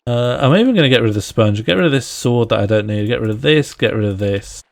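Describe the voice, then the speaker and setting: A man's voice: medium pitch, animated, quick pace, creaky. A man live-streaming a video game, chatting playfully with his viewers and friends, laughing often and talking to himself as he plays. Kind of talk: casual live-stream chat while gaming.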